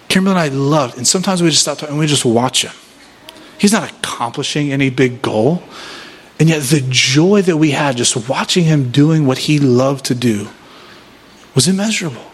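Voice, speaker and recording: A man's voice: a little high, breathy edge. Conversational man giving a faith talk. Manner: conversational, self-deprecating storytelling with rhetorical questions. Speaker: workshop speaker. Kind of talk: sermon-style talk.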